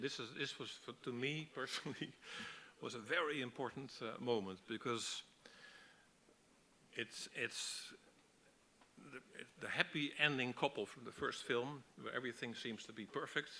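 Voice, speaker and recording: A man teaching a masterclass on storyboarding, explaining in a relaxed way with frequent restarts. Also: medium pitch, normal speed, creaky, a little hiss or hum. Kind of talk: lecture on storyboarding.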